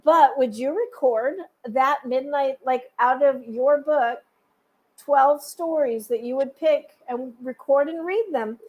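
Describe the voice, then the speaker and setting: Woman, host, chatty, playful, rambling, high voice. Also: slow, narrow, tinny audio. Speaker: podcast host. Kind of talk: casual chat.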